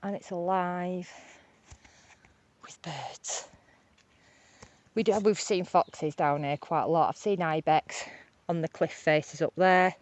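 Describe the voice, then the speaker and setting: Chatty, excitable woman. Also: on the low side, a little slow. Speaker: nature vlogger. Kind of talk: casual walking vlog. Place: outdoors on a rural hillside.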